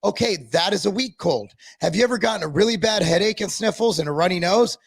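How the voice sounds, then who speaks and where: A man ranting on a live-stream talk show, sarcastic and mocking. His voice sits high and carries a heavy gravelly fry. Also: quick pace. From Tennessee. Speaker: podcast co-host.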